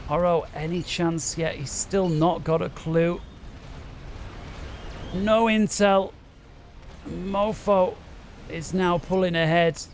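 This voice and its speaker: A man commentating a strategy game match with rising excitement, urging the players on and bouncing in his chair at a desk microphone. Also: high voice, slow pace, pauses often, slight background noise.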